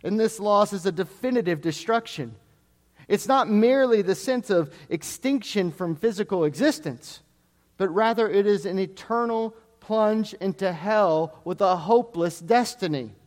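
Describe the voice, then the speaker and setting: A man preaching a sermon, with a deliberate, earnest expository delivery. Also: high voice. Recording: long hall reverb.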